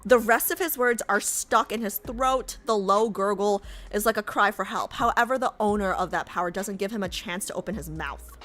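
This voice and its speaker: A woman's voice: mid-range voice, normal speed, few pauses, fairly bright tone. A woman streaming herself reading a game story aloud. She reacts in brash, profane, indignant outbursts.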